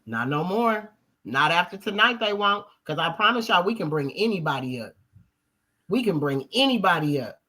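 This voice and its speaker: Forceful, emphatic woman livestream host. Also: lowish voice, expressive, normal speed. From Colorado. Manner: emphatic, repetitive, preacher-like. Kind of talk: heated livestream talk.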